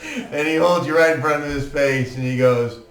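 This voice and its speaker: A man's voice: fairly high pitch, moderate pace, a bit bright, recorded from a distance. A man running a tabletop game as game master, narrating playfully and laughing often. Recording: echoey room, faint music.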